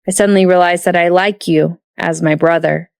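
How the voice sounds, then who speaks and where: A woman's voice: lowish voice, steady tone, normal speed, gravelly, smooth, no echo, clean studio sound. Woman voicing a dramatic young detective. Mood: exclaiming.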